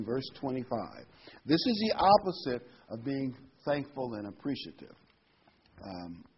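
A man's voice: medium pitch, dull audio, slight background noise. A man preaching a sermon, earnest and emphatic, reading scripture aloud and stressing key words.

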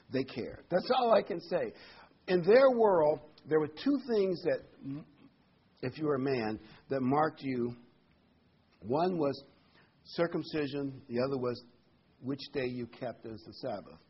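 A man's voice: mid-range voice, very animated, measured pace, husky, highs cut off. A man preaching a Bible sermon in a conversational, emphatic way, his voice rising sharply on key words.

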